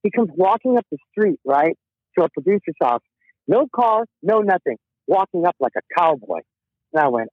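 A man's voice: high voice, very animated, normal speed, breathy edge, dry recording. Male musician guest, emotional rambling storyteller, phone-quality audio, close and dry. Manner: rambling, heartfelt, many restarts. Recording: tinny phone line.

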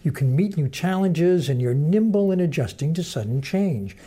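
A man giving a measured, explanatory lecture that mixes teaching with storytelling. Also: fairly high pitch, expressive, dark tone, slightly rough.

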